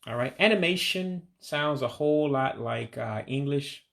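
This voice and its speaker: Guy with a gravelly voice walking through pronunciation slowly, repeats everything, patient. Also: medium pitch, animated, fairly bright tone. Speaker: language learner teaching vocabulary. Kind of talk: pronunciation lesson.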